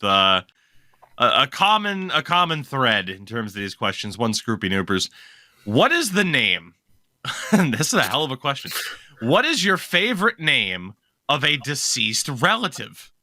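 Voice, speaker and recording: Lively, bright-voiced male podcast host. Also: mid-range voice, unhurried, no echo, studio quality. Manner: chatty, laughs often, animated storytelling. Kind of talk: casual podcast chat.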